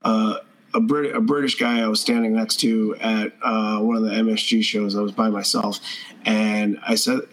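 A man's voice: fairly low pitch, little pitch movement, moderate pace, poor audio. A man co-hosting a casual podcast, rambling with profanity and frequent restarts. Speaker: podcast co-host. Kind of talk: casual chat.

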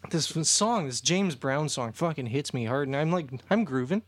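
A young man co-hosting a comedy podcast, telling a rambling, profane story in a deadpan way amid crude banter. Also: a little high, moderate pace. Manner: rambling, profane, deadpan parody of a movie plot. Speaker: podcast co-host.

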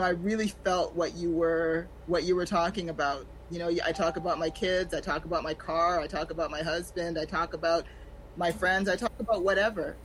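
Animated, frank woman comedian in her forties. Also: fairly low pitch, slight background noise, low-quality recording. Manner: animated, frank, acts out other people's lines. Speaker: stand-up comedian, guest. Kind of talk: storytelling in a podcast chat.

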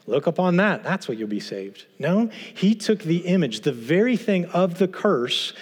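A man's voice: high voice, big pitch swings, moderate pace, slightly rough. Earnest male Bible teacher in reverberant hall. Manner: earnest, rhetorical questions, emphatic.

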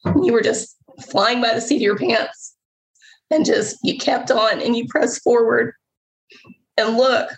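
A middle-aged woman with a fairly high voice tells her story as an interview guest. She rambles, restarts and grows emotional as she talks. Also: a little slow, low-quality recording. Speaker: guest, bakery owner.

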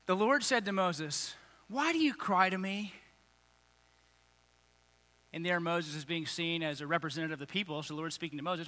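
A man's voice: on the high side, moderate pace, long pauses, sharp tone, big-room sound. A man preaching a sermon, reading scripture aloud and breaking into casual, emphatic paraphrase.

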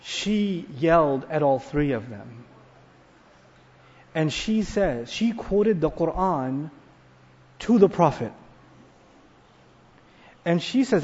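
A man preaching a sermon to a packed mosque audience, animated, asking the crowd questions and acting out quoted lines. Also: on the high side, takes it slowly, pauses often. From United States. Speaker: Islamic scholar and preacher. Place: large mosque hall. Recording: dull, lo-fi live recording in a reverberant hall.

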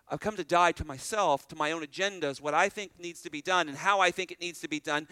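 A man preaching a sermon as pastor, animated, repeating phrases and restarting lines as he drives each point home. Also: a little high, fairly quick, hardly any pauses, smooth, no room sound.

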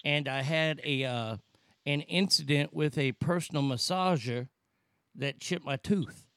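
A man's voice: on the high side, a little slow, a bit bright, smooth, no room sound, studio quality. Guy doing a bumbling crank caller w a lisp, mock serious, stumbling over words. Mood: mock-earnest. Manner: mock-earnest, rambling complaint with stumbles. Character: male prank caller with a chipped-tooth lisp.

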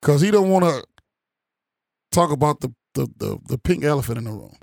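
A man from the Chicago area in a heated casual political chat, blunt and profane, often getting loud and animated. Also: fairly high pitch, brisk, vocal fry, no room sound, clean studio sound. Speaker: panel commentator.

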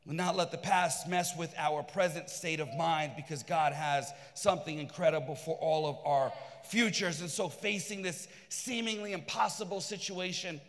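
A man preaching a sermon, fervent and repetitive, at times shouting. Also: on the high side, normal speed, in a large hall. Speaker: pastor.

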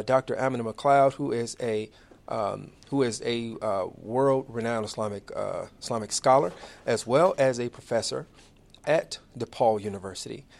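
A man in his forties, with a medium-pitched voice and some vocal fry, hosts a live radio talk show from a studio. He runs through announcements in a chatty, friendly, upbeat way.

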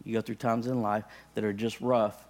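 A pastor tells a funny personal story during his sermon, speaking at a normal speed. He's animated, and his voice leaps up high whenever he gets excited.

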